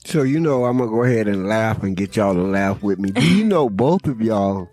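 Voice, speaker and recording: A man hosting a campus podcast, talking in a relaxed, emphatic, sermon-like way. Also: lowish voice, fairly quick, soft background music. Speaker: podcast host. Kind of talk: casual podcast talk.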